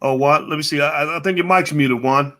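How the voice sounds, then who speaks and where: A man hosting a casual online panel discussion, animated, putting questions to his panelists and to the chat. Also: a little high, a little fast. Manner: animated, asks the audience for yes or no votes. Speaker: host of a panel show.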